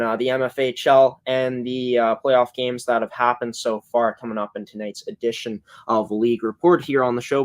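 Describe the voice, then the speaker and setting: A Canadian man with a mid-range voice hosts a laid-back live-streamed sports show. He talks in long, meandering stretches packed with filler words, often correcting himself.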